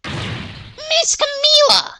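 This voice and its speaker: A woman voicing an excitable, loyal little male dog in a squeaky, yelping voice. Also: drawn-out words, noisy background, heavily acted. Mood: eager. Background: game music.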